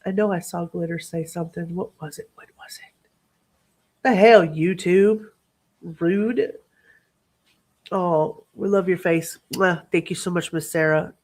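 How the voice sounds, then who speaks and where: A woman's voice: fairly low pitch, fairly even intonation, a little slow, a little mellow. A woman hosting a casual livestream, reading out viewer names and thanking them in a bubbly, chatty way with asides as she scrolls through comments. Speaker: livestream host.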